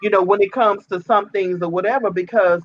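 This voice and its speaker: A woman's voice: mid-range voice, steady tone, a little fast, dry recording. Blunt woman talker on dull audio. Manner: blunt, opinionated, rambling. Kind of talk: casual chat.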